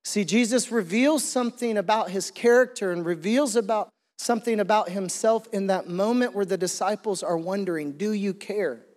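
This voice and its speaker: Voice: mid-range voice, normal speed, few pauses, a little mellow. A pastor preaching an earnest sermon, often repeating and restarting phrases for emphasis. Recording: long hall reverb.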